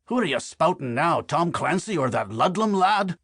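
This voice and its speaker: A man's voice: a little high, big pitch swings, normal speed, fairly bright tone, slightly rough, dry recording, clean studio sound, full character voice. A man voicing a wry, teasing older man in an audiobook, needling his friend. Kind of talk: audiobook character voice.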